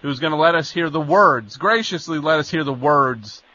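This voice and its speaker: A man's voice: fairly high pitch, expressive, normal speed, pushed and bright, highs cut off, slight background noise. A male radio host talking with a caller in a sarcastic, incredulous way, often stammering. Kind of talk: radio call-in chat.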